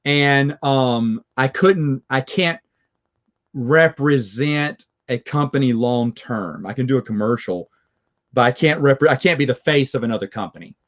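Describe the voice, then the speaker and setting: A man's voice: mid-range voice, a little slow, a bit bright, muffled recording. A man with a Southern accent, hosting a review show and chatting casually with viewers, rambling and chuckling as he goes. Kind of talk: casual live chat with viewers.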